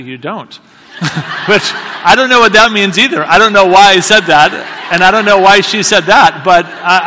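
A man telling a story in a halting, self-deprecating way, with many restarts. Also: high voice, bright, forceful tone, long reverb tail, slight background noise. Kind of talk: anecdotal storytelling talk.

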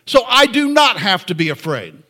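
Male preacher, bright voice, earnest and conversational. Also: sits high, big pitch swings, moderate pace. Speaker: pastor. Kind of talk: sermon.

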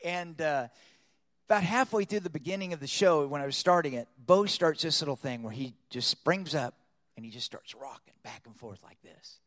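A man telling a lively personal story to an audience, preacher style, acting out his own thoughts and voices. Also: on the high side, normal speed, long reverb tail. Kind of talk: storytelling sermon.

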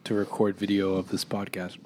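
A man's voice: low-pitched, monotone, fairly quick, a little mellow, a little hiss or hum. A man co-hosting a comedy podcast, rambling with lots of swearing and restarts. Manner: profane, rambling, restarts sentences. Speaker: podcast co-host. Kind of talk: casual comedic banter.

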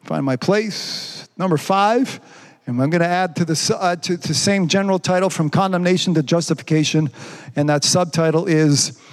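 High-voiced man preaching fervently. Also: normal speed. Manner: fervent, peppered with "praise God" and "amen". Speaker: pastor. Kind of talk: sermon. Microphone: streamed online service.

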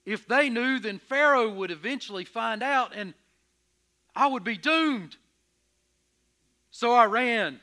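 A man playing Moses in a dramatic first-person sermon, telling his story with emphatic, expressive energy and stammering when anxious. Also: extremely high pitch, slow, pauses often, full character voice. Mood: earnest. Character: Moses, earnest, stubborn, curious shepherd. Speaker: preacher in character.

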